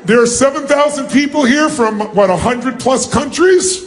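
Motivational speaker, male, husky and fairly high, loud commanding stage delivery in a big arena. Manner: loud, commanding, acts out quick little scenes. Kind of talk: seminar talk to a large audience. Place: large arena.

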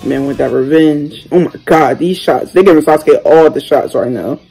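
A young man hosting a reaction video, talking casually and excitedly in slang, exclaiming and chatting as he watches. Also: fairly high pitch, normal speed, breathy edge, faint music behind, rough recording. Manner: exclamatory, slangy, keeps saying "bro".

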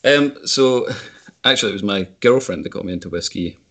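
A man's voice: on the low side, animated, a little fast, a crowd in the background. A man in his thirties, a guest on a video call chat, talking hesitantly and repeating words as he starts sentences.

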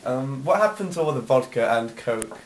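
A man's voice: medium pitch, expressive, moderate pace. Man as a baffled bar customer, hesitant and stammering, far from the camera mic. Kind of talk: amateur comedy sketch acting. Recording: roomy, distant camera mic, faint noise.

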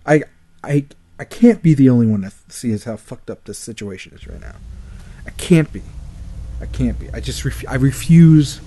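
A man's voice: medium pitch, expressive, normal speed, warm tone. Exasperated young man swearing at a game. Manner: swears constantly, exasperated ranting. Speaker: let's play commentator. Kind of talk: frustrated gameplay commentary.

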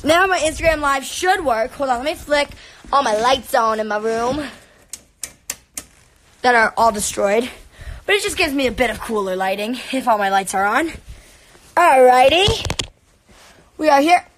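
A woman hosting a casual live stream from her bedroom, chatting with viewers in a bubbly, excitable way. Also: high-pitched, moderate pace, long pauses. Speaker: livestream host. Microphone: laptop or phone live stream.

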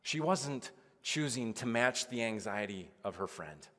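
A male pastor preaches a casual, conversational sermon in a reverberant church sanctuary. His medium-pitched, fairly bright voice has lively intonation and moves a little slowly, and he fills his chatty delivery with "like"s and acted-out quotes.

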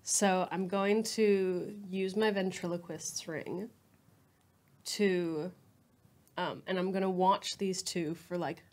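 A woman's voice: fairly low pitch, steady tone, slow pace, darkish tone. A woman playing a tabletop game, describing her character's moves casually and laughing often. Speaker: player.

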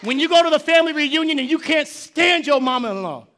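A male pastor preaching a lively sermon in a church, shouting call-and-response lines and dropping slangy jokes and asides. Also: very high voice, brisk. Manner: casual slangy asides and joking. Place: church sanctuary.

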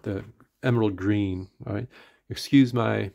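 A man's voice: lowish voice, unhurried, vocal fry, a little mellow, highs cut off. A middle-aged man with an Atlantic Canadian accent, reviewing a pen in a casual, rambling way full of fillers and restarts, sometimes drifting from the mic.

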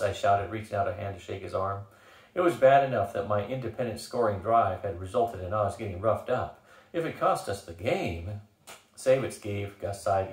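An older man reading a novel aloud in an unhurried way, sometimes restarting a phrase. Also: lowish voice. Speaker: reader. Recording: roomy echo.

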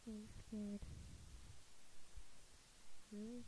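Excitable young-sounding woman, slow and mellow. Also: mid-range voice, slight background noise, low-quality recording. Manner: excitable, gushing, repeats exclamations. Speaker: gaming video creator. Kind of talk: casual gameplay commentary.

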